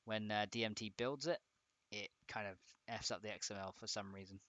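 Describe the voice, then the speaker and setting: During a casual modding livestream, a young man talks fairly quickly in a lowish, bright, forceful voice. He talks himself through fixing a game mod under his breath and chats with viewers, and there's no room sound.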